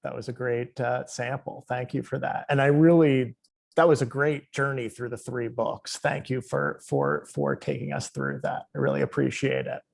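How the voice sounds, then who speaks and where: Man, event moderator, gravelly voice, polite and encouraging. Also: medium pitch, lively intonation, moderate pace. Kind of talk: moderating a library author talk.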